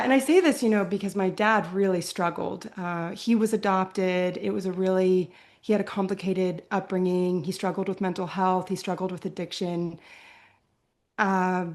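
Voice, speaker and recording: A young adult woman from Virginia speaks as an interview guest in an earnest, reflective way. Her pitch sits in the middle range, and she often closes her thoughts with a soft "right?".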